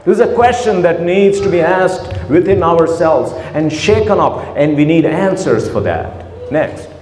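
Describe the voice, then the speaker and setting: A man giving a religious talk to a gathering, asking repeated rhetorical questions and dropping to soft tones. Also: on the high side, lively intonation, unhurried, a little hiss or hum. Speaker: speaker at a community iftar gathering. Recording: echoey hall with faint ambience.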